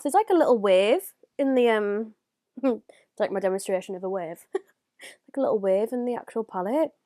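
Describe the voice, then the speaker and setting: A woman's voice: mid-range voice, moderate pace, dry recording. Gushing woman, dry close sound. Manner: gushing, excitable, drops to whispers and gasps. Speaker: beauty vlogger. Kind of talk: casual unboxing vlog.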